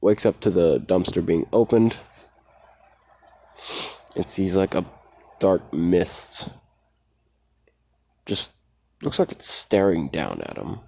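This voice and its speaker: A man's voice: sits low, big pitch swings, slow pace, creaky, pauses often, darkish tone. A man casually retelling a fan story in a rambling, profane way, full of fillers.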